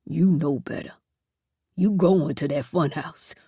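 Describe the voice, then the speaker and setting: A woman voicing a cruel, gruff male reform-school overseer who talks in coarse, threatening dialect in an audiobook. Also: sits low, slow pace, mellow, dry recording, studio quality, voice pushed down, heavily acted. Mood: cold. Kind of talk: audiobook character voice.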